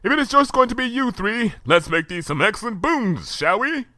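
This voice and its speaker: Man doing a high, lively voice for a regal pony princess, archaic and grandiose, bright and piercing, dry close recording. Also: dry recording, heavily acted. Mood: brisk. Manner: formal old-fashioned speech, then brisk and chatty.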